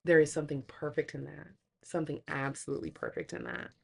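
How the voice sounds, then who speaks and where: Woman cohost chatting about movies, animated, jumps into acted quotes. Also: low voice, quick pace, vocal fry, breathy edge. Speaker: podcast co-host. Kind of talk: casual chat.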